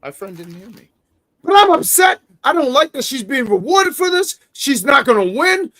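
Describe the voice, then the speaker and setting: A man co-hosting a wrestling review livestream, ranting and yelling in theatrical mock outrage. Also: very high-pitched, big pitch swings, moderate pace. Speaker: wrestling review show co-host. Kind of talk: livestream chat.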